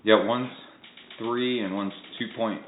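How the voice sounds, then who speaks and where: A man's voice: on the low side, steady tone, slow pace, a little hiss or hum. A man who coaches triathlon and hosts the show, chatting casually and joking at home. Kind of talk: casual chat. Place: home in a suburban neighborhood. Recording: echoey, phone-like lo-fi audio.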